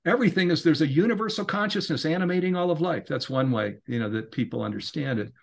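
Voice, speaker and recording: A middle-aged man, a podcast guest, talking in an earnest, rambling way that grows animated when he is inspired. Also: fairly high pitch, quick pace, vocal fry. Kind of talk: casual interview talk.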